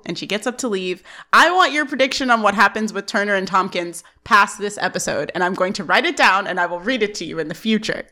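A woman's voice: mid-range voice, lively intonation, fairly quick, sharp tone. A woman co-hosting a podcast, retelling scenes in casual chat and quoting the characters' lines as she goes. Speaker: podcast co-host.

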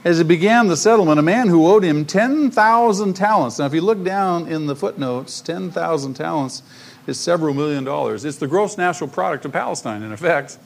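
A man preaching a sermon as pastor, retelling a parable with lively emphasis and acted-out voices. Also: a little high, a little fast, gravelly.

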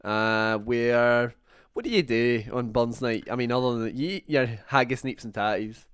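A Scottish man with a mid-pitched voice hosts a podcast and chats loosely with his co-host. He laughs a lot and slips into quoted voices when he tells stories. The sound is close and dry, with no room in it. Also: steady tone, normal speed, fairly bright tone, clean tone, no echo. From Scotland. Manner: chatty, laughs often, acts out quoted voices. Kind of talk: casual chat.

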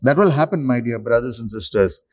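A man preaching a sermon, slow and emphatic, with long pauses for effect. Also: mid-range voice, animated.

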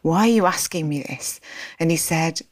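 A woman guest in an interview, telling a personal story in a lively way and acting out remembered dialogue. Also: low-pitched, normal speed. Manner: animated, acts out remembered dialogue.

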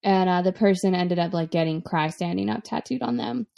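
A woman's voice: on the low side, fairly quick, vocal fry, dull audio. A young woman co-hosting a casual podcast about parenting, chatting and laughing easily. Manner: relaxed, chatty, laughs often. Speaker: podcast co-host, mother. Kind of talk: casual chat.

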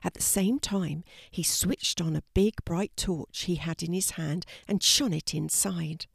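An older woman narrating a children's story in a slow, gentle storybook manner. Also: lowish voice, vocal fry, husky, no room sound, studio quality.

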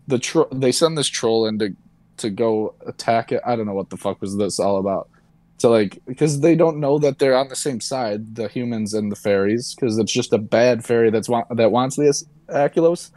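A man's voice: mid-range voice, normal speed, mellow, no echo. A young man casually and sarcastically recapping a movie he disliked, rambling and swearing as a podcast co-host. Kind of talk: casual chat.

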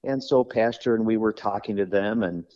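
Funeral director podcast guest, low voice, rambling anecdotes, dull lo-fi sound. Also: male voice, normal speed, a little mellow. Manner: rambling storyteller, acts out quoted dialogue. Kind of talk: podcast conversation.

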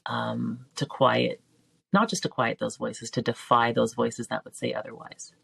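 Middle-aged woman guest, gravelly low voice, dry close sound, heartfelt and halting. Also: flat delivery, a bit bright, no room sound. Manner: earnest, emotional, with frequent um and restarts. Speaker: interview guest, teacher and filmmaker. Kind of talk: reflective heartfelt conversation.

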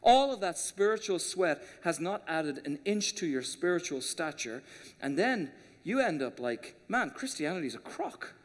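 A man preaching a passionate sermon as pastor, swinging between quiet, low stretches and forceful emphasis. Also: big pitch swings, unhurried. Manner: impassioned preaching, rising and dropping for emphasis. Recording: long reverb of a large hall.

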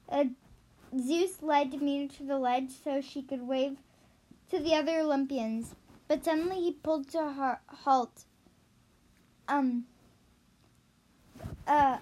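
A child reading a storybook aloud, halting and correcting themselves often. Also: female voice, sits high, fairly even intonation. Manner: halting, with restarts and self-corrections. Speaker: reader.

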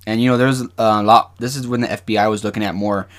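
A man's voice: fairly low pitch, steady tone, quick pace, a bit bright. A man co-hosting a casual true-crime podcast, who reads out case facts and cracks jokes between them. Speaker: podcast co-host.

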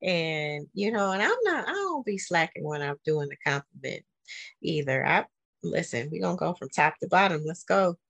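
Candid woman with a low, dry voice. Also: moderate pace, creaky, dry recording. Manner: candid, animated, with slangy emphatic asides. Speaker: podcast co-host. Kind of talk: casual conversation.

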